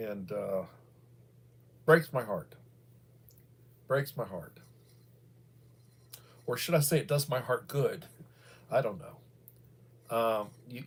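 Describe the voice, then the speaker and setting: A middle-aged American man hosts a livestream, offering casual, meandering commentary full of fillers and restarts. His medium-pitched voice is slightly rough, and its quality is described as bald.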